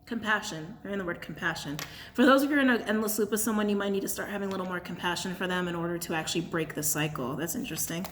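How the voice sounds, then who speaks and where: A woman's voice: lowish voice, very fast, a little hiss or hum. A woman doing a casual channeled tarot and crystal reading to her camera, chatty and blunt, laughing often.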